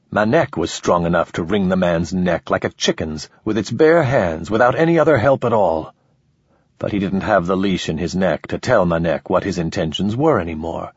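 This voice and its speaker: A man reading a novel aloud in scripted, steady narration. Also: deep voice, slightly rough, no echo. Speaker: audiobook narrator. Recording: slightly dull lo-fi recording.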